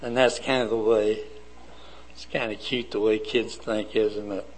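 A man preaching a sermon slowly and deliberately, building his points in lists. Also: lowish voice, level tone, a little hiss or hum, low-quality recording.

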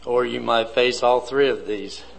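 A man preaching a sermon slowly and deliberately, building his points in lists. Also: mid-range voice, steady tone, vocal fry, poor audio.

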